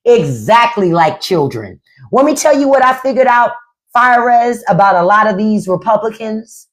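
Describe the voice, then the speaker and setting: A woman's voice: fairly high pitch, lively intonation, normal speed. A woman hosting a livestream, ranting bluntly and mockingly with plenty of profanity. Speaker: livestream host. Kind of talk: casual livestream rant.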